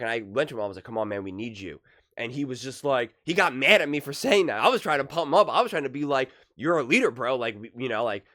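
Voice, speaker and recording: Animated man reacting to sports talk. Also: a little high. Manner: animated, emphatic, acts out quoted voices. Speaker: commentator reacting to a sports debate show. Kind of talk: casual sports commentary.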